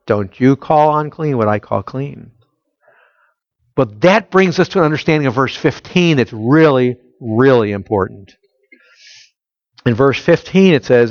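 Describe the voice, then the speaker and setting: A man's voice: medium pitch, expressive, measured pace, pauses often, dry recording, highs cut off. Emphatic man preaching a sermon. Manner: conversational, emphatic, asks the congregation rhetorical questions. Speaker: pastor. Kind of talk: expository sermon.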